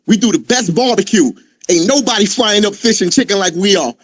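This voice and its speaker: Emphatic high-voiced man, dry sound. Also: brisk, no echo. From United States. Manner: emphatic, streetwise, addresses listeners as family. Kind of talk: casual opinion talk.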